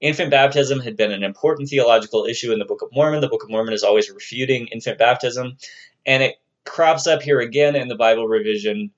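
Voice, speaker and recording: Speaking fast at a medium pitch, this man explains religious texts in a chatty lecture with the odd playful aside, occasionally mimicking quoted figures in playful voices. The audio is muffled.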